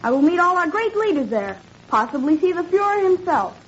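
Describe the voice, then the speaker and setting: A woman's voice: very high-pitched, big pitch swings, brisk. A woman playing a proud, bossy boy bound for a Nazi school, who talks in a haughty, commanding manner in 1940s radio acting. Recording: dull 1940s radio broadcast, faint hiss.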